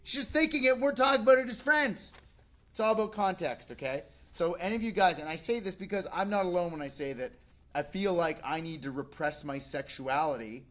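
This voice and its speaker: Male show host, thirties, higher-pitched, animated ranting delivery. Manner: animated, swings into mocking voices. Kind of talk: casual comedic rant.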